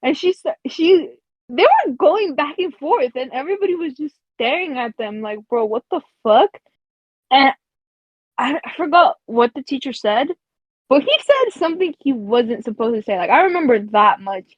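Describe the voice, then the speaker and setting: A woman's voice: sits high, animated, moderate pace, no echo. A woman co-hosting a podcast, telling a story in a casual, profane way with lots of fillers and laughs between phrases. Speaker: podcast co-host. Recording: dull lo-fi dry recording.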